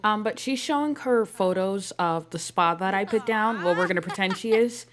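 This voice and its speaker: A woman's voice: medium pitch, moderate pace, a crowd in the background. A woman giving casual, rambling commentary on a life-sim playthrough, with lots of fillers and playfully exasperated asides to her characters. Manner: chatty, rambling, filler-heavy with frequent "um" and "like". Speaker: game streamer narrating a life-sim playthrough.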